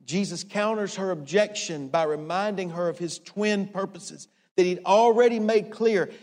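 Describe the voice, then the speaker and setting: A man preaching a sermon, emphatic and repetitive, swinging from hushed to raised. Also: high-pitched, normal speed, long reverb tail. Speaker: pastor.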